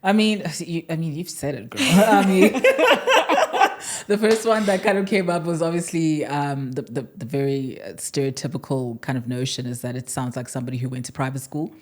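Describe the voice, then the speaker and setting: A woman's voice: deep voice, expressive, moderate pace. A young woman from South Africa co-hosting a podcast, chatting casually with frequent laughs and fillers. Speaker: podcast co-host.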